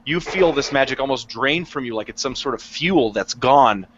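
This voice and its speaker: A man telling his character's moments in a tabletop game, in slow, descriptive storytelling. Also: mid-range voice, lively intonation, fairly bright tone, slight background noise. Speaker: player. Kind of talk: tabletop role-play narration. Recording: dull lo-fi recording.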